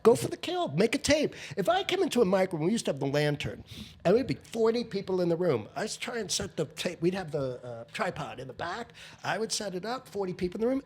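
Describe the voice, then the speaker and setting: A middle-aged man, a veteran comedian, giving blunt, animated advice in a casual podcast interview. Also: slightly rough. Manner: animated, blunt, swings pitch up for emphasis.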